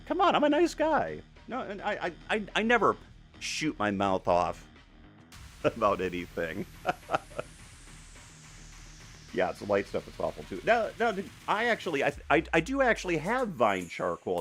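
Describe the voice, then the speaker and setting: A man's voice: medium pitch, a bit bright. A man chatting casually with viewers while he paints live, rambling and self-deprecating, with many restarts and laughs. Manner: talks to viewers as he works. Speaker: artist streaming a live painting session.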